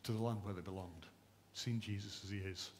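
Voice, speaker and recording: A man preaching a sermon at a church service, impassioned and emphatic, swinging between raised fervent lines and hushed ones. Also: fairly low pitch, steady tone, brisk, a little hiss or hum. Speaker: pastor.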